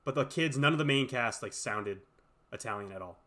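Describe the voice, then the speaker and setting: Bright, ranting young podcast host. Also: male voice, medium pitch, fairly quick. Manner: animated, ranting, laughs often. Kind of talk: casual chat.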